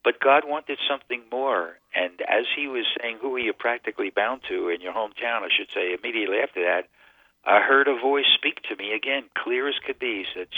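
A man's voice: mid-range voice, a little fast, no echo. A man from Connecticut calling in to a radio show, telling his personal testimony in an earnest storytelling way. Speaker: radio guest. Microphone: phone line. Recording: tinny phone line, dry.

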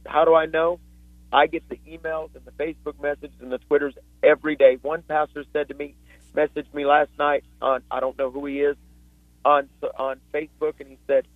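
A man's voice: on the high side, no room sound. A man preaching with fervent, earnest storytelling as a guest author on a radio talk show. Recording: dry tinny phone line.

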